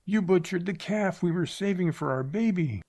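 A man voicing a frightened young frontier wife who cries out in high, pleading sobs. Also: lively intonation, moderate pace, vocal fry, darkish tone, heavily acted. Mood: distraught.

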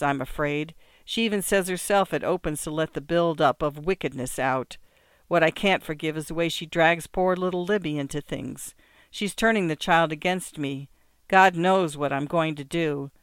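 Man as smooth persuasive husband, self-pitying, resonant clean voice, dry sound. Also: a little high, fairly bright tone, dry recording, natural voice.

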